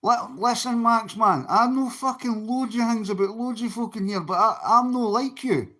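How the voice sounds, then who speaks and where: A man's voice: very high voice, normal speed, bright, forceful tone. A Scottish man on a livestream, talking bluntly and swearing often as he answers people in his chat.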